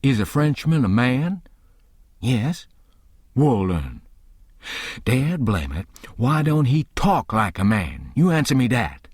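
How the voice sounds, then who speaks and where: A man reading an audiobook and voicing a stubborn, earnest grown man who argues slowly and insistently in thick folksy dialect. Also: medium pitch, very animated, darkish tone, husky, dry recording, studio quality, exaggerated voice. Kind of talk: audiobook character voice.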